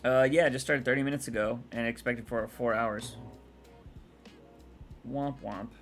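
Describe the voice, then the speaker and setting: A young man talks loosely into his stream, wandering from thought to thought as he answers chat. His voice sits at an ordinary middle pitch, and soft music plays faintly behind him. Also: steady tone, brisk. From Texas. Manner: rambling, chatty, answers chat aloud. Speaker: livestreamer. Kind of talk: casual livestream chat.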